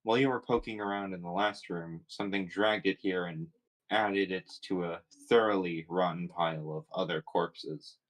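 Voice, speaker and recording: Low-voiced man reading aloud. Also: moderate pace, rough recording. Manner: steady second-person narration. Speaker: reader.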